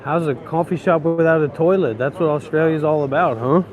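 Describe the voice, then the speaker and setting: A man's voice: on the high side, brisk, darkish tone. A man vlogging while he walks through city streets and a station, ranting in a profane, sarcastic, grumbling way. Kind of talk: casual rant while walking.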